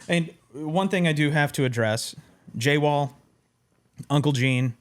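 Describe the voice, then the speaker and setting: A man hosting a podcast in person, upbeat and bantering, with lively jumps in pitch. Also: slow pace. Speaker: podcast host. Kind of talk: casual podcast chat. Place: in-person studio.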